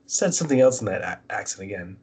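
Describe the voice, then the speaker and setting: A man's voice: on the low side, very animated, quick pace, a little mellow, husky. A young man telling crude stories in casual chat as a podcast co-host, laughing often.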